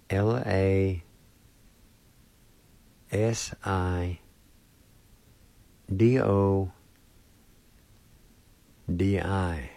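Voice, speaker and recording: A man hosting a radio language lesson, spelling out words and pronouncing them with slow, deliberate care. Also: sits low, vocal fry, warm tone, dry recording. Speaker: language teacher and radio host.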